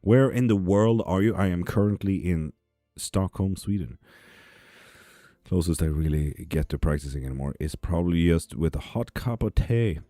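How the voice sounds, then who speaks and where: Hosting a live tarot session in his apartment, a man reads viewer comments aloud, joking sarcastically and profanely and laughing a lot. His deep, warm voice moves at a moderate pace in a clean studio sound with no room sound and faint background music.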